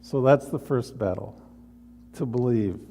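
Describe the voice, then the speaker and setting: A male pastor delivering an earnest, unhurried sermon in a church. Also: mid-range voice, warm tone. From United States. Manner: slow, earnest preaching with pauses. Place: church sanctuary.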